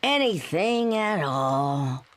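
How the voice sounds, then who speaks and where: A woman voicing a weary older female barkeeper who talks in a slow, doting, cooing drawl. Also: lowish voice, big pitch swings, heavily acted.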